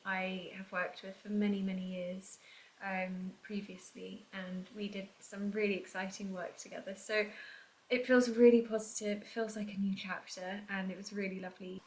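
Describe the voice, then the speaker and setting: A woman vlogging in a casual, chatty way, full of "like" and "um", her voice softening and trailing off at the ends of phrases. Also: mid-range voice, fairly even intonation, moderate pace, a little hiss or hum. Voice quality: soft-spoken, trails off quietly at phrase ends. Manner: chatty, filler-heavy with frequent "like" and "um". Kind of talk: casual vlog chat to camera. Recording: echoey room.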